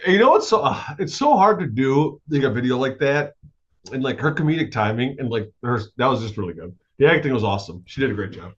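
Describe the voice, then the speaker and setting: A man guest co-hosting a podcast in casual chat, telling stories excitedly with plenty of swearing. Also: medium pitch, fast talker, highs cut off. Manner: excitable, swearing, lively storytelling. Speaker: guest co-host.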